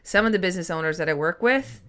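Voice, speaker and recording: Woman coach doing her own podcast, smooth clear voice a bit on the low side, chatty and emphatic. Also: lively intonation, fast talker, fairly bright tone. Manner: chatty, emphatic, puts on voices when quoting. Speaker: podcast host and business coach. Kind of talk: solo podcast monologue.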